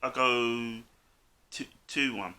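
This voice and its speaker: Blunt, swearing man with bright voice. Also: medium pitch, fairly even intonation, takes it slowly. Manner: blunt, swears a lot, says mate constantly. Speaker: co-host. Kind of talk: casual football chat.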